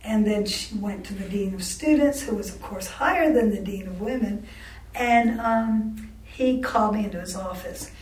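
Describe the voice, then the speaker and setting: A woman telling personal stories in an interview, candid and halting, with frequent restarts and wry laughs. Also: mid-range voice, a little mellow. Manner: laughs wryly between remarks. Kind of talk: oral history storytelling. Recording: roomy sound from a distant mic.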